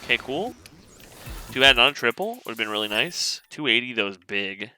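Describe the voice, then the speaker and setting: A man casually commenting on his own gameplay, thinking aloud in a relaxed, rambling way. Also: medium pitch, normal speed, slight background noise, poor audio. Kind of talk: casual let's-play commentary.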